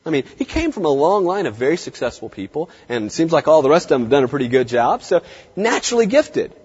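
A middle-aged man lectures a room of veterinary students, pushing his delivery high and low to make points land. His voice sits a bit high and slightly husky. The recording is muffled, with a long reverb from the lecture hall. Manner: animated, dramatic swings in tone and pace. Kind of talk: lively live lecture to students.

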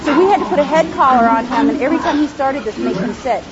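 A woman's voice: high voice, fast talker, heavy background noise. Chatty woman teaching about dog behavior. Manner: lively, chatty, acts out dogs' thoughts in silly voices. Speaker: dog behavior trainer and lecturer. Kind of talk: lecture to a class. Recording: dull, lo-fi classroom recording.

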